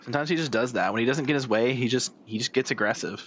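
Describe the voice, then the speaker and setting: A man's voice: medium pitch, quick pace, a bit bright, breathy edge. A young man streaming a game, chatting casually with a playful, teasing tone. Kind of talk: casual live-stream chat. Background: game music.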